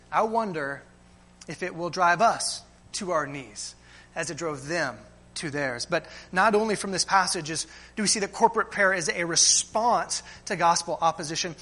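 High, bright-voiced preaching man. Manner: rhetorical questions, repeats "right?" and "friends". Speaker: pastor. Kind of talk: sermon.

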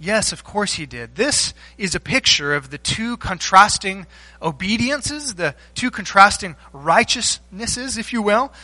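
High, bright-voiced preacher telling a story. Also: male voice, animated, unhurried, no room sound. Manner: storytelling with frequent fillers and restarts; asks the congregation questions. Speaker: pastor. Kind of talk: sermon.

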